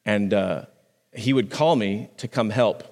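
A man's voice: unhurried, darkish tone. Man preaching in a reverberant church. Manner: conversational preaching with restarts, pitch swinging high and low for emphasis. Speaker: pastor. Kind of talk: sermon. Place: church sanctuary. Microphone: microphone.

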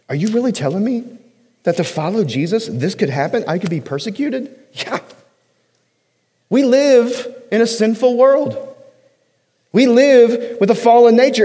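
A man's voice: high voice, dark tone. A man preaching a sermon in a casual, joking style, hitting single words hard for emphasis. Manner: conversational preaching with joking asides. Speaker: pastor. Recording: long hall reverb.

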